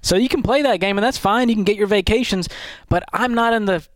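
Guy co-hosting a radio show, highish voice, acts stuff out when he tells a story, dry mic. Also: fast talker, no echo. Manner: animated storyteller, acts out little scenes. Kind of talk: call-in advice show banter.

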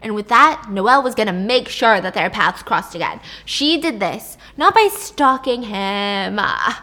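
A woman's voice: medium pitch, animated, unhurried, bright, forceful tone. A woman telling a story to a friend in a chatty, casual way, swearing and checking in with questions. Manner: chatty, profane, asks the listener questions.

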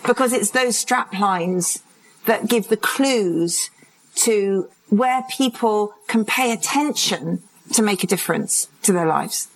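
A woman's voice: mid-range voice, slow, low-quality recording. A woman in her fifties, a parenting and addiction expert, talking in a live interview and acting out little quotes as she goes. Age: 50s. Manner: animated storytelling with acted-out quotes and laughs. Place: conference stage.

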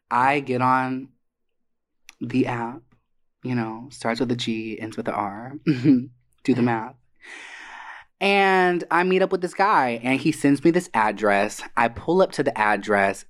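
Guy on a podcast spilling stories, swears a lot, acts out everybody's lines, voice sits mid-range. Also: medium pitch. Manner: animated, profane, acts out quoted voices. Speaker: podcast co-host. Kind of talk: casual storytelling. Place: Atlanta area.

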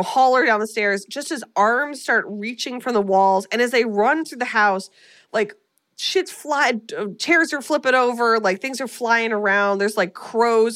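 A woman's voice: fairly high pitch, normal speed, no room sound, clean studio sound. A woman co-hosting a podcast, recapping a horror movie in casual chat and acting out the characters' lines. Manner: animated storyteller, acts out quotes. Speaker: podcast co-host.

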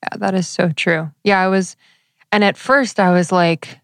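A woman's voice: on the low side, fairly even intonation, moderate pace, no room sound. A woman co-hosting a casual chat, speaking earnestly and reflectively with casual swearing. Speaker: podcast co-host.

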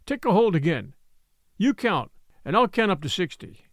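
A man's voice: sits high, sing-song, moderate pace, no echo, clean studio sound. A man reading aloud voices a battered little former prize fighter, insistent and oddly cheerful. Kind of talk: audiobook reading.

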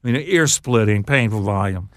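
An older man, a songwriter guest on an interview show, telling stories in a halting, laughing way. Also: on the low side, lively intonation, no echo, studio quality. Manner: halting, restarts phrases, laughs while telling. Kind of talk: casual storytelling interview.

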